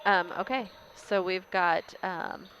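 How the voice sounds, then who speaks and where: A woman calling a school basketball game as a local announcer, casual and hesitant, with frequent pauses and fillers. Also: lowish voice, fairly even intonation, a bit bright, a little hiss or hum, poor audio. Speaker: play-by-play announcer. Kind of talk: local sports commentary.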